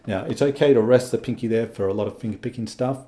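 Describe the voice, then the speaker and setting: A man's voice: medium pitch, quick pace, warm tone. A man teaching a guitar lesson, explaining patiently and often checking in with "okay?" between guitar demonstrations. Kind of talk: instructional lesson.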